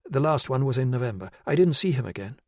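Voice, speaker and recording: A male audiobook narrator voicing a nervous woman psychiatrist in her late forties, speaking in a hesitant, measured way. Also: medium pitch, sing-song, a little mellow, no room sound, studio quality, pitched above the performer's own voice. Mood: guarded.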